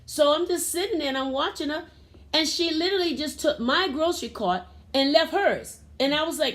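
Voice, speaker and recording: A woman co-hosting a casual podcast, retelling a story excitedly and laughing often. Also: high-pitched, fairly quick. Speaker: co-host.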